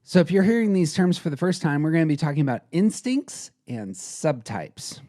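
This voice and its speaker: A man co-hosting a podcast, talking in an earnest, relaxed conversational way. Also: on the high side, normal speed. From Colorado. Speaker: podcast co-host. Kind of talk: casual podcast chat.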